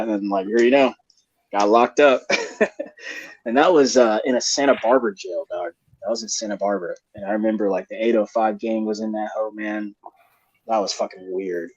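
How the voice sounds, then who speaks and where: A young man on a panel rambles through a casual story, laughing and using heavy slang and swearing. His lowish, darkish voice has vocal fry and lively intonation, and he talks a little fast with no room sound, though the live stream audio is dull and lo-fi.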